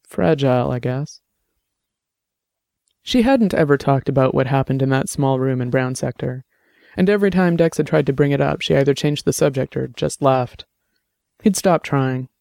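A man calmly reading the narration of an audio drama. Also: mid-range voice, moderate pace, vocal fry, dry recording, clean studio sound.

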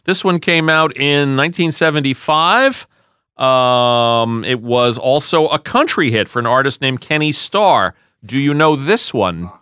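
A man hosting a casual comedy podcast, reeling off song trivia with enthusiasm and quick laughs. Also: mid-range voice, lively intonation, pushed and bright, clear, resonant tone, dry recording. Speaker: podcast host.

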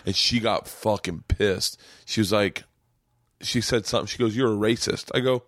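A low-pitched man spins profane stand-up war stories in a loose conversational chat. He keeps acting out the other people in his stories with quick jumps in pitch. The sound is dry and close-miked. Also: no echo. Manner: animated, profane storytelling with acted-out quotes. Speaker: podcast host, comedian. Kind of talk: casual chat.

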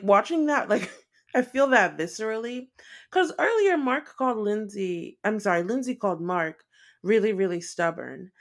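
A woman co-hosting a casual podcast, sharing strong opinions and laughing often. Her voice is high and swings widely in pitch. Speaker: podcast co-host.

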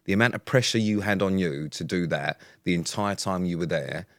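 Low-voiced young man, dry sound. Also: a little fast, a bit bright, no echo. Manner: earnest, emphatic, with occasional swearing. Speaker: podcast co-host. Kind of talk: casual chat.

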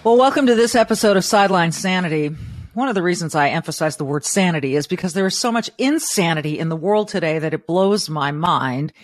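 Woman, podcast host, emphatic, quick delivery, dry close mic. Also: lowish voice, animated, no room sound, faint music behind. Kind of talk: casual interview chat.

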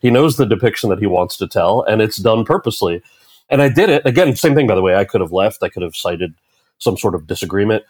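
A man's voice: on the low side, fast, breathy edge, dry recording. A man in his thirties, an actor telling a story in an interview, acting out the lines of the people in it. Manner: animated storyteller, acts out quoted dialogue. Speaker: actor and author, interview guest.

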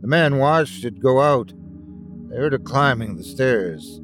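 Expressive male story narrator. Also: mid-range voice, unhurried, over music. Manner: expressive, dramatic reading. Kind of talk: scripted horror story reading.

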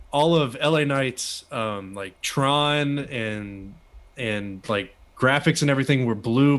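A man co-hosting a casual podcast chat, playful and quick to chuckle as he poses questions. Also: mid-range voice, a bit bright. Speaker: podcast co-host.

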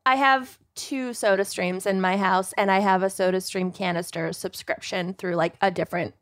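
A woman's voice: medium pitch, steady tone, normal speed, dry recording, studio quality. A young adult woman co-hosting a podcast in an easygoing chat, laughing often between remarks. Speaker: podcast co-host. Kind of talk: casual chat.

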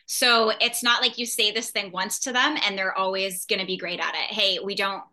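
Bright-voiced reassuring woman guest. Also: mid-range voice, fairly even intonation, moderate pace. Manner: reassuring, explaining patiently. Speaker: guest parenting creator. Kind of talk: casual podcast chat.

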